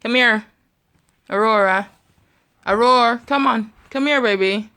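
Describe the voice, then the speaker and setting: A woman's voice: on the high side, a little slow, bright, forceful tone. A young mother at home in her bedroom, talking to her toddler in coaxing, sing-song baby talk and often laughing. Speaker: vlogger mother.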